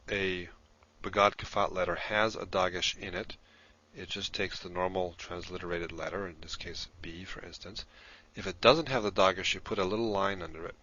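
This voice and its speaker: A man's voice: low-pitched, pushed and bright, lo-fi sound. A man giving a recorded lesson, explaining patiently step by step while he writes things down. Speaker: instructor in a played lesson video.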